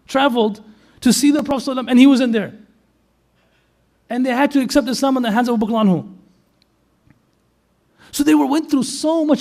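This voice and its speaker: Male preacher, very high voice, animated storyteller who questions the listeners and mixes in Arabic and Urdu phrases. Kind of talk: storytelling sermon.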